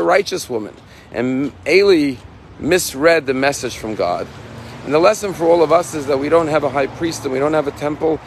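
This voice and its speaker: A rabbi giving a short Torah lesson, telling a story earnestly and slowing down on the key points. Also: male voice, fairly high pitch, gravelly. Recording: faint street and car noise behind.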